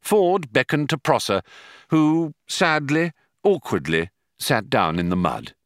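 A man narrating an audiobook with measured, dry storytelling. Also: medium pitch, big pitch swings, dry recording. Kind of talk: scripted narration.

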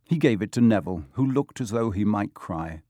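A man narrating a storybook audiobook in an even, measured way. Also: on the low side, no room sound, clean studio sound. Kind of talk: scripted narration.

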